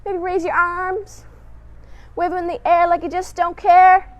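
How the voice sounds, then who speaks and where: A woman's voice: very high-pitched, flat delivery, measured pace, dull audio. A woman hosting a children's story time, leading movement exercises in a playful, encouraging way and humming little sound effects. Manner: playful, encouraging, talks straight to young kids; hums little sound effects and laughs between cues.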